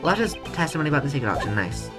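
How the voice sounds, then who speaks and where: A woman streamer chatting casually over a game. Her voice is low but swings around a lot, and her commentary is blunt and crude. Game music plays clearly behind her. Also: very animated, racing.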